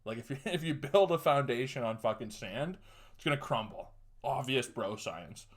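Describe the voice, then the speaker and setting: A man's voice: medium pitch, lively intonation, normal speed. A young man hosting a podcast, telling a story in a casual way, crude and profane, chuckling often. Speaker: podcast host.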